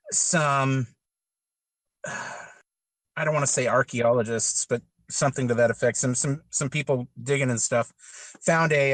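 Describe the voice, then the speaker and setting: A man's voice: medium pitch, fairly bright tone, no room sound, low-quality recording. A man hosting a casual podcast, asking long questions with frequent stumbles and restarts.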